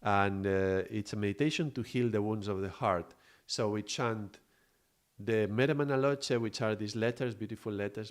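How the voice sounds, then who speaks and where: A man with a somewhat low voice leads a live yoga and meditation teaching. He explains at an easy, unhurried pace, pausing to hunt for the right word and asking "yeah?" to check that his listeners follow. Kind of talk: live spiritual teaching talk.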